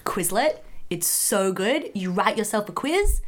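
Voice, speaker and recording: Enthusiastic young woman doctor on a podcast, bouncy lively voice. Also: medium pitch, unhurried. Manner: enthusiastic, upbeat, expressive. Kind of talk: casual chat.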